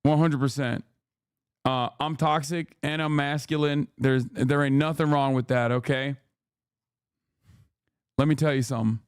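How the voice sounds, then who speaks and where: A man's voice: mid-range voice, steady tone, moderate pace, long pauses, clean tone, no echo, studio quality. A man in his thirties ranting on a live stream, crude, mocking and combative. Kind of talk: profane live-stream rant.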